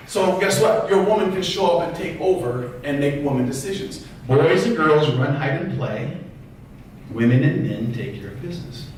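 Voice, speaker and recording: A man giving a motivational talk as a therapist, animated, firing rhetorical questions at the audience. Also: fairly high pitch, moderate pace, slight background noise. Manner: animated, acts out quoted voices, fires rhetorical questions. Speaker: therapist and public speaker. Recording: echoey hall, voice from far off.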